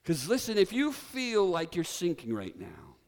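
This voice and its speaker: A man's voice: high-pitched, normal speed. A man preaching a sermon, telling a story with drama and leading the congregation to repeat words together. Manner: animated storytelling preacher, leads congregation in call-and-response. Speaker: pastor. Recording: reverberant hall.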